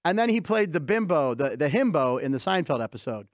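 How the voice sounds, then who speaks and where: A man with a somewhat high voice hosts a comedy sports talk show. He tells anecdotes and laughs easily. The sound is close and dry. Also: very animated, a little fast, no echo. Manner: jokey storyteller, laughs often. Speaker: host. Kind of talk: casual comedy sports chat.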